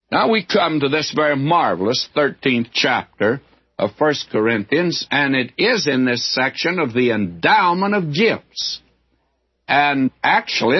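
Husky older man preaching a folksy sermon. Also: medium pitch. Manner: folksy, earnest, chuckling asides. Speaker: Bible teacher preacher. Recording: dull lo-fi old recording.

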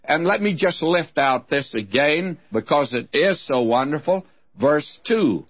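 Older man teaching scripture, husky and lively. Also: a little high, a little slow, no echo. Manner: lively, reads scripture with rising emphasis. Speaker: Bible teacher. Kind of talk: radio Bible teaching. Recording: dull old dry radio recording.

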